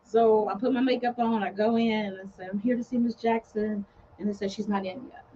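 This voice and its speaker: A woman guest on a podcast telling her story in a casual, animated way, laughing often and acting out other people's voices. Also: mid-range voice, brisk, a little hiss or hum. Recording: dull lo-fi podcast audio.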